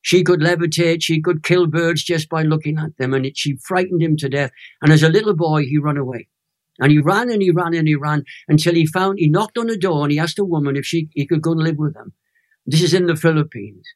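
A Welshman in his eighties telling a personal testimony as an interview guest, lively and emphatic, building to emotional high points. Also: a little fast. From Wales. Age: 80s. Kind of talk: animated storytelling testimony.

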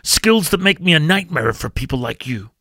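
A man putting on an impression of a calm, menacing male action-film hero, speaking slowly and deliberately. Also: on the high side, husky, no echo, clean studio sound, voice pushed up, heavily acted. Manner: slow, deliberate threatening delivery.

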